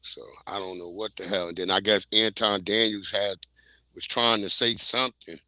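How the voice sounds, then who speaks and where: A man's voice: on the low side, fairly even intonation, moderate pace, pushed and bright, no room sound, poor audio. A man hosting a livestream, chatting casually in blunt slang while he plays clips. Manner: slangy, blunt, laid-back. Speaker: livestream host. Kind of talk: casual commentary.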